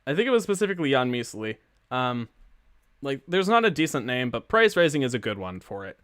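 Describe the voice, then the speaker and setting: A man's voice: medium pitch, very animated, fairly quick, a bit bright, clean tone, no echo. A man casually chatting and rambling while streaming a game, giggling often, on a close microphone. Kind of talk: casual gameplay commentary. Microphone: close mic with pop filter.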